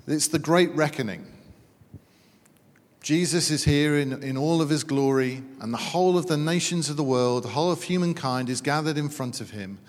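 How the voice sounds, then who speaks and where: British man preaching in an echoing hall. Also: on the high side. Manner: reads scripture slowly, then talks with lively humorous asides. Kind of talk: sermon. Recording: reverberant hall.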